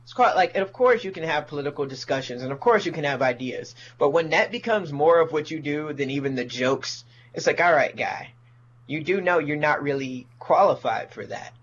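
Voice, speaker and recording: Male stand-up, profane ranting guest, slightly high voice, dull lo-fi mic, faint hum behind. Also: lively intonation, fairly quick, a bit bright. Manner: profane, ranting, mocks people in put-on voices. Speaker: comedian guest. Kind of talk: casual podcast chat.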